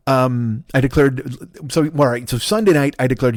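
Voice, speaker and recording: A man in his fifties, the host of a comedy podcast, riffing through a profane, rambling monologue with big comic swings in pitch. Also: moderate pace, hardly any pauses, no room sound, clean studio sound. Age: 50s. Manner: profane, riffing, jumps between wild pitch swings for bits.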